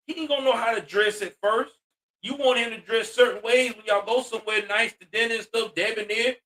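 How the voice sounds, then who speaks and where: A man with a bright, high-pitched voice delivers blunt, profane commentary, lecturing his listeners. He sounds exasperated and straight-talking. The voice sits a little back from the mic. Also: recorded from a distance. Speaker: commentary host. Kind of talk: ranting social commentary.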